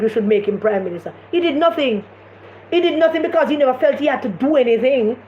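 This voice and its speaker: A woman's voice: high voice, a little mellow. Impassioned Jamaican woman on a live stream. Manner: impassioned, repetitive, emphatic. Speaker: political commentator hosting a live stream. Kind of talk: casual live-stream commentary. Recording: echoey room, dull lo-fi sound, faint noise.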